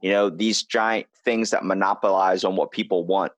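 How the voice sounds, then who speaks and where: A man's voice: low voice, fairly even intonation, moderate pace, no echo. An American man hosting a podcast, telling stories animatedly, acting out the people he quotes and swearing casually. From US East Coast. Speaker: podcast host.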